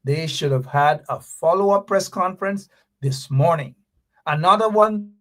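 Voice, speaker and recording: A man hosting a political commentary stream, his voice sitting a little higher than most men's. He hammers his points home with indignant emphasis and keeps circling back to the same lines. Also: fairly bright tone. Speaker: host.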